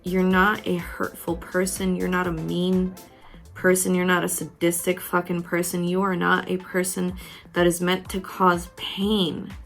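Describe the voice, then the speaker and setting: A woman's voice: fairly low pitch, completely flat delivery, a little slow, creaky, soft background music. A woman giving a tarot reading, talking frankly and intimately to the viewer, with casual swearing. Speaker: tarot reader.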